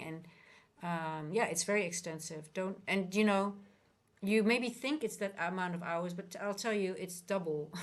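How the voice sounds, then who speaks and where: A woman coaching traders on a casual livestream, talking earnestly and rambling with many restarts. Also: fairly low pitch. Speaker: trading coach and livestream host.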